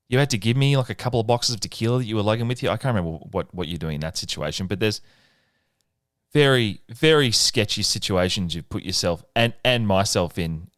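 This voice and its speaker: Male host, lowish voice, dry close sound, easy chat. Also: no echo. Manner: relaxed, prompting questions. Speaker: podcast host. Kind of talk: casual interview chat.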